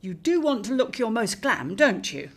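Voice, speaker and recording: A woman's voice: fairly high pitch, very animated, moderate pace. A woman playing a doting, teary mum. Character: fussy emotional widowed mother. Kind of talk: radio drama acting.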